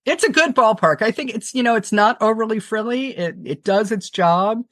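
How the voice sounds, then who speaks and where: A woman guest on an interview podcast, telling a long story in an animated, fast-talking way, often restarting her sentences. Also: a little high, no room sound, studio quality. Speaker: television producer, guest.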